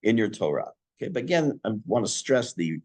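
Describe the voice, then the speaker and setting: A man teaching an online class on prayer, reading Hebrew phrases and explaining them in English with a lively teacher's delivery. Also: fairly low pitch, brisk. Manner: lively teacher's delivery, rising on key words.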